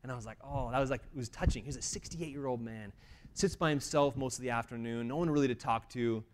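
A man telling a faith testimony as an animated story with self-deprecating humor, swinging between loud exclamations and quiet asides. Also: medium pitch, quick pace. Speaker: speaker sharing a mission testimony. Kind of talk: storytelling talk.

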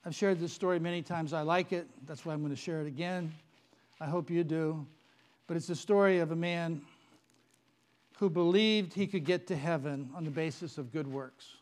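A man preaching a sermon, telling stories in an animated, playful way. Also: a little high, moderate pace. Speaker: pastor.

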